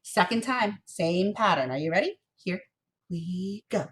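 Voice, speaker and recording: A young adult woman leads a children's music lesson from her home office. She speaks into a computer mic, playful and encouraging. She chants rhythm syllables clearly in a teacherly cadence. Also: lowish voice, expressive, measured pace.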